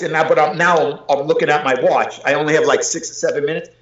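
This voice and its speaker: New guy, 40s, rambling joking story, kinda high voice, echoey dull audio. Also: fairly even intonation, quick pace, a bit bright. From New York City. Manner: rambling, joking, says "I says" a lot. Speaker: guest. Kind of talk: casual storytelling.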